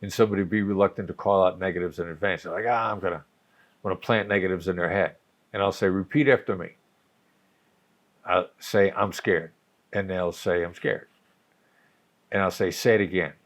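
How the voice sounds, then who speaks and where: Older man, low voice, measured coach-style explainer, repeats phrases as he thinks. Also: fairly even intonation. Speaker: guest, negotiation coach. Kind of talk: conversational explaining.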